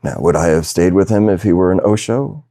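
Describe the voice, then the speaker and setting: A man with a deep, gravelly voice leads a satsang as a spiritual teacher. He speaks slowly and thoughtfully, pausing often and laughing softly now and then. His tone is dark and mellow, recorded close and dry. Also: lively intonation, no room sound. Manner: slow, reflective, with soft laughs and pauses. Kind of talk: satsang talk. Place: video call session.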